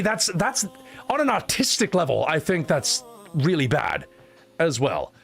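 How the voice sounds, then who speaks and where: A man's voice: on the high side, wildly swooping pitch, unhurried, gravelly, a bit bright, faint music behind. A man livestreaming, chatting casually and reading donation messages. He rants with profanity and strong opinions. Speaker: streamer.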